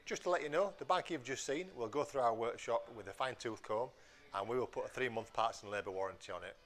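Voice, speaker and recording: A man's voice: medium pitch, fast talker. A man from a motorbike dealership giving a friendly, direct sales outro about warranty and finance.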